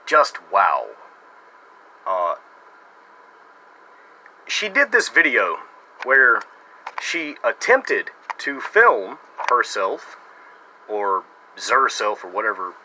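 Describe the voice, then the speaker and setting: American male YouTuber, mocking response monologue, piercing tone, very animated pitch. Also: extremely slow, pauses often, a little hiss or hum, low-quality recording. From United States. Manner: sarcastic and mocking. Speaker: YouTuber making a response video. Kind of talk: casual talking-to-camera monologue.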